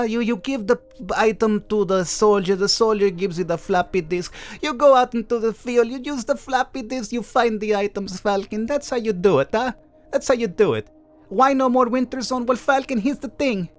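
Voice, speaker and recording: A man's voice: high-pitched, pitched above the performer's own voice. Man putting on a patronizing know-it-all voice. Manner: slow, patronizing, broken English.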